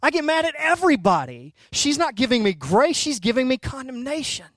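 A man in his thirties with a very high voice preaches a sermon as a pastor, talking a little fast in a dry recording. His animated storytelling swings from soft to loud, punctuated by frequent "right?" and "okay?" check-ins.

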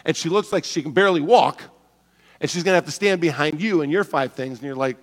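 A man preaching a sermon as pastor, animated and joking, acting out the voices of people in his stories. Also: on the high side, quick pace, big-room sound. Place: church sanctuary.

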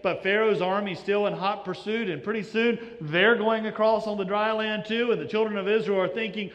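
A man's voice: high-pitched, fairly even intonation, fairly quick, few pauses, fairly bright tone, in a large hall, lo-fi sound. A male pastor giving a sermon, telling stories and acting out the voices of the people in them. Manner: storytelling, acts out quoted voices, shifting inflection.

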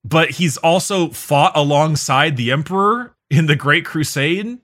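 A man's voice: fairly high pitch, unhurried, fairly bright tone. A man co-hosting a podcast, telling stories with enthusiasm in a rambling, casual way. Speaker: podcast co-host. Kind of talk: casual chat.

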